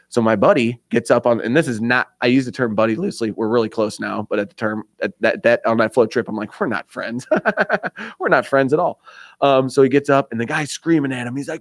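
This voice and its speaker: A man with an Indiana accent tells a rambling story in casual talk-radio style. He jumps into other people's voices and laughs along the way. His voice sits at a middle pitch and sounds close and dry. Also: a little fast, no room sound. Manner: animated storyteller, acts out voices, laughs often. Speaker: radio show host.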